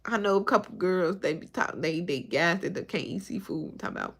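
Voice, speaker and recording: A woman's voice: on the low side, fairly quick, hardly any pauses. A woman in her twenties with a Chicago accent, chatting casually on a livestream and answering her chat. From Chicago suburbs. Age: 20s. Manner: animated, talks back to chat.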